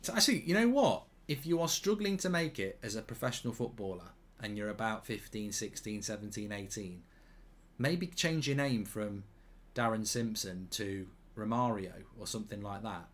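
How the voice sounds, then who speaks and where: A man's voice: fairly low pitch, expressive, normal speed. Chatty man doing live football commentary. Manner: chatty and jokey, reading out viewer comments. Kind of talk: casual live-stream match commentary.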